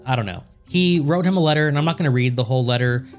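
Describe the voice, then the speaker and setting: Male podcast co-host, mid-pitched and laid-back, swears freely while narrating history, faint music under the voice. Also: rapid-fire. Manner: casual, profane, laughs often. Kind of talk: casual storytelling chat.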